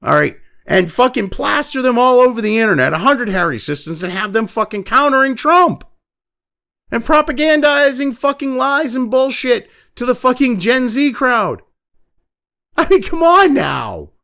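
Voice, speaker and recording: Brief: male commentary host, high-pitched and gravelly, furious, profane, mocking rant. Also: lively intonation, moderate pace, bright, forceful tone.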